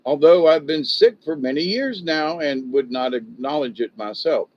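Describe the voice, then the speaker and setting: A man's voice: on the high side, lively intonation, moderate pace, lo-fi sound. An older man venting and rambling on a casual livestream, stopping to greet viewers and read their comments. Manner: frustrated, rambling, self-interrupting.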